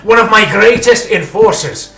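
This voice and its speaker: A man's voice: high-pitched, lively intonation, moderate pace, vocal fry, bright, forceful tone, faint music behind, pitched above the performer's own voice, full character voice. A man voicing a haughty, commanding male vampire prince with a put-on Spanish accent, bellowing formal proclamations. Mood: wrathful proclamation. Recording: roomy echo.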